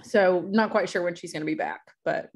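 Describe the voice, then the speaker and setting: A woman's voice: lowish voice, fairly quick, vocal fry, darkish tone. Woman, teacher, casual class chat, laughs easily, video call mic.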